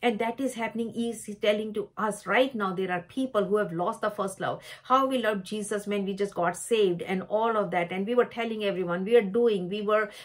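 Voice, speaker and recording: Woman, devotional speaker, earnest and unhurried, mid-range voice, halting delivery that doubles back to stress key words. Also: mid-range voice. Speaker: Christian speaker sharing a vision. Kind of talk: devotional message.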